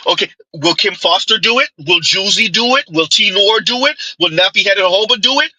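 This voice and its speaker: A man's voice: high-pitched, animated, fairly quick, few pauses, pushed and bright, breathy edge, dry recording, rough recording. A man giving a mocking opinion commentary, full of rhetorical asides and scornful dismissals. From United States.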